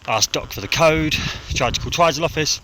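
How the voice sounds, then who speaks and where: A man with a New Zealand accent, a hunting vlogger, films himself on his phone as he scrambles up a mountainside, winded and dehydrated. His slightly high voice moves fairly quickly through frustrated, swear-filled rambling, with noise in the background.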